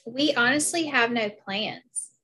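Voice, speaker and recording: A woman's voice: on the high side, slow pace, sharp tone, breathy edge. A woman from South Carolina with a Southern accent, chatting casually as an interview guest, full of fillers and "like"s.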